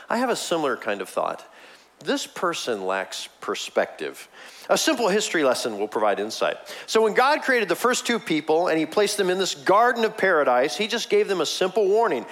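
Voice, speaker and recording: Animated man preaching a sermon. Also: moderate pace. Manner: animated, swinging between high emphatic lines and low quiet ones; conversational, with asides and chuckles. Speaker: pastor.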